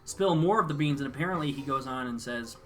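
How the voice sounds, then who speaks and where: A man's voice: medium pitch, quick pace, a bit bright, faint music behind. A man co-hosting a casual podcast, telling a rambling story with frequent laughter. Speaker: podcast co-host. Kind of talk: casual chat.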